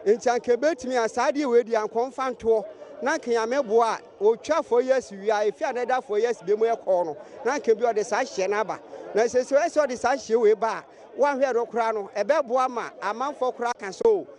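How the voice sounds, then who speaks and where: A man's voice: extremely high pitch, fairly quick, a little mellow. A Ghanaian man interviewed at a busy outdoor station, earnestly appealing to the government. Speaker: interviewee driver. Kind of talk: vox-pop street comment.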